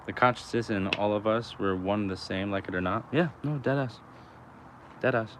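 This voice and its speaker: A man's voice: fairly low pitch, moderate pace, background noise. A young adult man rambling about spirituality outdoors, in loose slang full of "like" and "you know" and frequent swearing. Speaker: vlogger. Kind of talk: rambling spiritual musing to camera.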